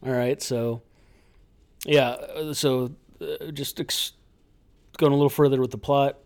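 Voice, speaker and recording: Man, podcast co-host, sardonic casual chat, ordinary mid-pitched voice. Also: fairly even intonation, measured pace, vocal fry. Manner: sardonic, laughs easily. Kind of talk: casual chat reviewing a movie.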